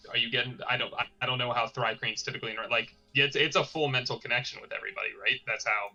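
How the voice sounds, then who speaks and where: A man playing in a tabletop game, asking quick questions in casual chat. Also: mid-range voice, fairly even intonation, vocal fry, sharp tone, lo-fi sound, soft background music. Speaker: player.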